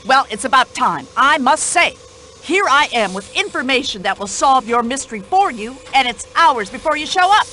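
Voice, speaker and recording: A woman's voice: high-pitched, sing-song, normal speed, pushed and bright, a little hiss or hum, full character voice, rough recording. Woman playing a brash older widow. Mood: impatient, indignant. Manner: indignant, chatty, complaining. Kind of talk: radio play acting.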